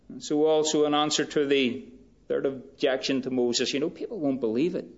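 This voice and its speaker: A man preaching a sermon in a slow, measured way, rising in pitch and force for emphasis. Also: fairly even intonation. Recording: dull lo-fi recording.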